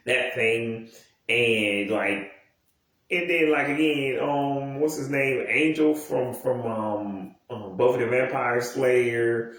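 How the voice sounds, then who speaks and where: A man's voice: medium pitch, slow pace, fairly bright tone. A man in his thirties rambling casually and profanely, with many restarts and asides. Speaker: video commentator. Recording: very echoey room, mic far off.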